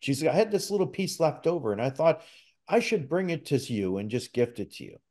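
A man's voice: on the high side, very animated, a little fast, darkish tone. A middle-aged man from Canada, a podcast guest telling a personal story in a casual, earnest way with frequent restarts. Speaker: podcast guest, spirit talker.

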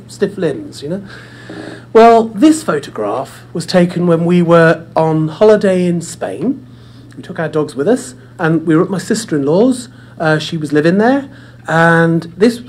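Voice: medium pitch, a little hiss or hum. Chatty presenter telling stories. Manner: chatty, repeats words, addresses audience directly. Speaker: speaker at a dementia care forum. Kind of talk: presentation with personal storytelling. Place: indoor room with audience.

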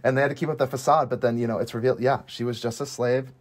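A man co-hosting a casual movie review chat, lively and quoting characters in playful voices. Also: medium pitch, very fast. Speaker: podcast co-host.

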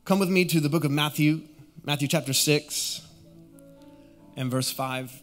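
A young man preaching in a church auditorium, his voice sitting fairly high for a man. He calls on the crowd to repeat lines back to him, with quiet music playing underneath. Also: unhurried. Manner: energetic preacher, rallies the congregation to repeat phrases. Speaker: guest pastor. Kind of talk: sermon.

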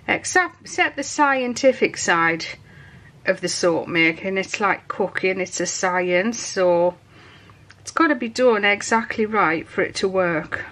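A woman's voice: medium pitch, a bit bright. A woman from England hosting a soap-making tutorial, chatting in rambling asides while she works. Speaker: soap-making channel host. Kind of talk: casual demonstration tutorial.

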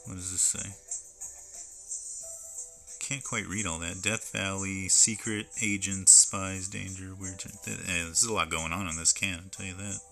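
A man's voice: low-pitched, steady tone, unhurried, gravelly, bright, forceful tone, faint music behind. A man streaming live from home, chatting casually and reading labels aloud as he unboxes. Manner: rambling, stops to read can labels aloud.

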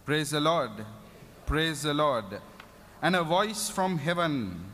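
A man's voice: a little high, big pitch swings, takes it slowly, a bit bright, slight background noise. A man preaching a sermon at a prayer meeting, fervent and given to repeated hallelujahs. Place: prayer meeting in a reverberant hall. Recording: long hall reverb.

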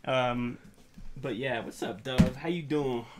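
A man's voice: medium pitch, fairly even intonation, slow, darkish tone, slight background noise. A man co-hosting a casual movie podcast, cracking crude jokes and swearing freely. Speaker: podcast co-host. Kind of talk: casual movie-riffing chat.

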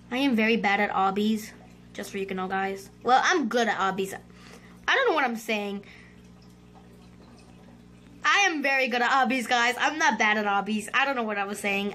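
A woman giving excitable gameplay commentary for her channel, with dramatic outbursts and moments of frustration. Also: medium pitch, moderate pace, pauses often. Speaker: gaming YouTuber.

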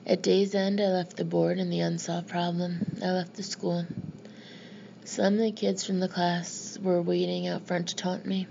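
Woman, audiobook narrator, first-person, steady, flat, muffled, faint hiss. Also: lowish voice, gravelly. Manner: plain, steady storytelling.

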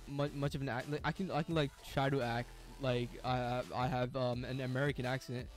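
A man's voice: mid-range voice, flat delivery, a little fast, faint music behind. A young man streaming a game live, chatting casually with viewers, full of slang, frequent laughs and restarts. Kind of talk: casual live-stream chat while gaming.

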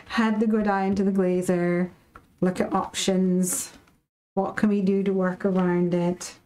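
A woman's voice: fairly low pitch, level tone, a little slow, a little mellow, a little hiss or hum, rough recording. A woman from the UK hosting a live craft stream, chatting casually and animatedly with viewers and reading out their comments.

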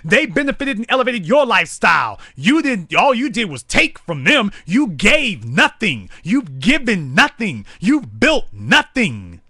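A man's voice: high-pitched, huge pitch swings, a little slow, few pauses, bright, forceful tone, slightly rough, no room sound, clean studio sound. A man hosting a live talk show, delivering angry, preaching commentary full of repetition. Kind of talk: fiery political commentary.

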